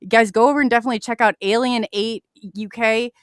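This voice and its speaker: A woman's voice: fairly high pitch, steady tone, dry recording, clean studio sound. A woman hosting a podcast, chatting casually and readily affirming her guest. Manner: warm, agreeable, quick to affirm. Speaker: podcast host. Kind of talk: casual chat.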